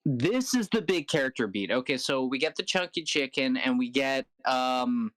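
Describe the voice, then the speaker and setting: A man's voice: medium pitch, lively intonation, normal speed, a bit bright, dry recording, low-quality recording. A man co-hosting a casual podcast, leading the episode recap with many fillers and restarts.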